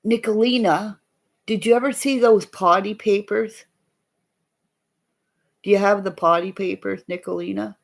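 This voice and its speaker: A woman's voice: mid-range voice, fairly even intonation, measured pace, vocal fry, long pauses. A middle-aged woman, chatting casually and rambling as she hosts a live stream for viewers, laughing often along the way. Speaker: livestream host.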